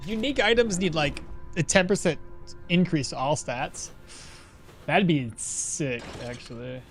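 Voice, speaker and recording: A man's voice: on the high side, measured pace, over music. A man streaming a game live, chatting casually and answering his chat while he plays. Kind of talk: casual live gameplay commentary.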